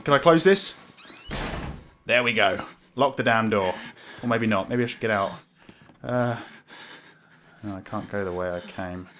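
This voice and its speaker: A man's voice: mid-range voice, a bit bright, slight background noise. A man commentating a horror game as he plays, jumpy, swearing, laughing nervously. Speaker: gamer playing a horror game. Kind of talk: let's play commentary.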